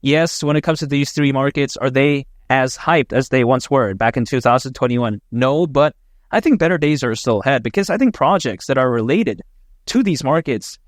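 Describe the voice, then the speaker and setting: A man's voice: mid-range voice, lively intonation, moderate pace, no echo, clean studio sound. A man hosting a casual, opinionated crypto commentary video, enthusiastic and chatty with lots of fillers. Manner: enthusiastic, conversational, many fillers.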